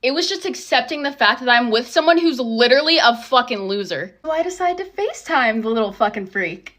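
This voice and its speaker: A woman's voice: on the high side, lively intonation, brisk, hardly any pauses, fairly bright tone. A young woman telling a casual storytime, blunt, sarcastic and full of swearing. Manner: blunt and heavily profane, sarcastic.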